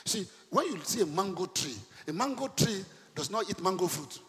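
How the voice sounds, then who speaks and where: Animated preacher man in a reverberant hall. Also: high-pitched, moderate pace, a little hiss or hum. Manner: animated preaching, sudden shouts and laughs, asks the congregation questions. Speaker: pastor. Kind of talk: sermon.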